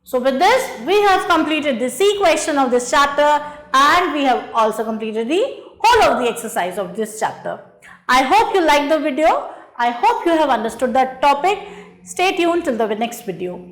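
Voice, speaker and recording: A woman's voice: high voice, very animated, normal speed. A woman teacher, patiently walking through a grammar exercise and spelling words letter by letter. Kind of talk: slow spelled-out grammar lesson. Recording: echoey room.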